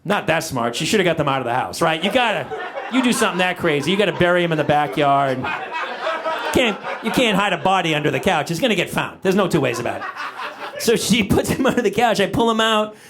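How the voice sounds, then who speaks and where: A middle-aged man doing stand-up, his voice high and swinging wildly as he acts out his exasperation. He tells the story on a stage, animated and building to punchlines. A live crowd laughs loudly around him. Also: fairly quick. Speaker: stand-up comedian. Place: comedy stage.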